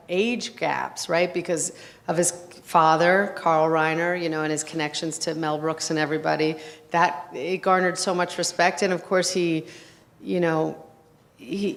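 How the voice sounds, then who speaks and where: A woman filmmaker giving an award acceptance speech and taking audience questions, halting and full of fillers. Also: fairly low pitch. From United States. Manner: halting, with many fillers and restarts.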